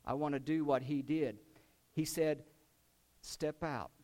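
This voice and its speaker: Taking it slowly, a preacher retells a scripture story in his sermon, shifting lively between loud dramatic moments and low, quiet emphasis.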